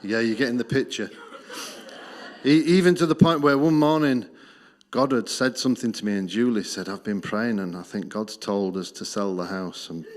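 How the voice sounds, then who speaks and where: A middle-aged Australian man giving a missions testimony in church, telling his story earnestly and dropping low and soft on key lines. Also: moderate pace. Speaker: missions speaker.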